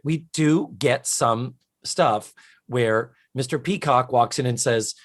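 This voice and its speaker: Man, podcast co-host, casual chat, animated retelling, medium pitch. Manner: animated retelling of scenes with quick quoted voices.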